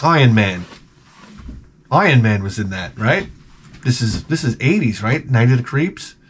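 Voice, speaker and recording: A middle-aged man telling rambling, profane stories in a casual vlog, jumping into loud joking exclamations. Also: mid-range voice, a little slow, breathy edge. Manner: excitable, profane, jokey, with sudden loud exclamations. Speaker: video game vlogger.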